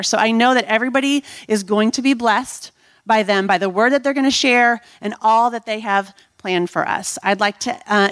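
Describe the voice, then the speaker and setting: A woman's voice: fairly high pitch, a bit bright, no echo. A woman church leader who earnestly introduces the guest speakers from the stage. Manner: earnest, quick, calls guests up.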